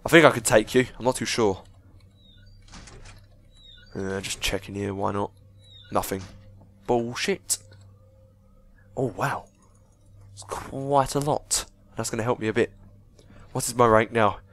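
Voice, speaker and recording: A man's voice: medium pitch, steady tone, a little slow, long pauses, slight background noise. Sweary young man gaming. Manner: chatty, sweary, jokey, reacts loudly to the game. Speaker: gaming video host. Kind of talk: casual let's-play commentary.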